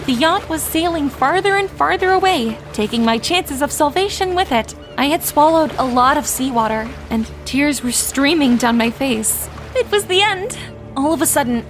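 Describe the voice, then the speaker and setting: A young woman tells a first-person story with lots of drama and emotion. Her voice is bright and high, and faint background music plays under the narration. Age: young adult.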